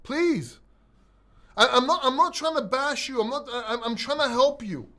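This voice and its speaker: A man's voice: extremely high pitch, normal speed, sharp tone. A man with a mixed London and Greek accent hosting a live crypto Q&A. He answers chat questions bluntly and emphatically, swears, and often repeats himself or restarts. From born in London, raised in Greece. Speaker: crypto livestream host.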